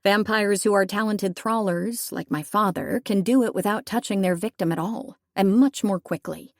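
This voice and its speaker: A woman's voice: mid-range voice, moderate pace, no echo, clean studio sound. A young woman reading a first-person audiobook, telling the story in a wry, conversational way. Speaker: audiobook narrator.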